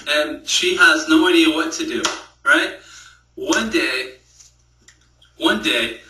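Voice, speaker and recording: A man giving a moral story as a religious speaker, halting and repeating words and checking in with "right?". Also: a little high, pushed and bright, a little hiss or hum. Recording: echoey room, speaker far from the mic.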